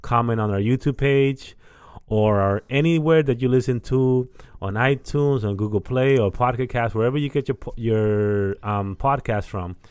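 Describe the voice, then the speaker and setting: A man's voice: medium pitch, moderate pace, darkish tone, smooth, no room sound. A young man co-hosting a podcast in loose, rambling casual chat, often repeating himself. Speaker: podcast co-host.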